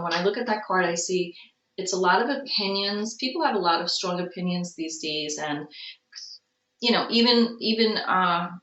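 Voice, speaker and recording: A woman reads tarot cards in a relaxed, conversational way and slips into sweet baby talk for her pet. Her voice sits in a middle range. The recording is dull and a little distant, with a roomy echo and faint ambient noise behind her. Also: medium pitch. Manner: coos baby talk to her cat between readings. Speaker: tarot reader. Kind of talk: casual tarot reading. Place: home room.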